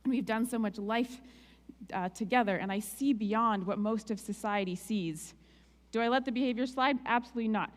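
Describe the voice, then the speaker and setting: Woman preaching in a reverberant hall. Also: a little high. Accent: Canadian. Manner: candid, emotional, conversational with "like" asides. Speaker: guest speaker. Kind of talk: personal storytelling sermon. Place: church hall.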